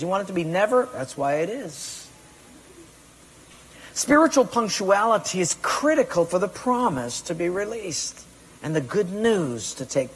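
A man preaching a sermon with emphatic delivery, acting out excuses and commands and rising to loud peaks. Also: high voice, slightly rough, in a large hall. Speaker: pastor.

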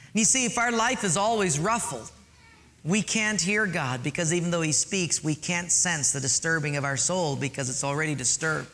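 A man's voice: on the high side, normal speed, bright, forceful tone. A man preaching a sermon earnestly, asking listeners to underline and write things in their notes. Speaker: pastor.

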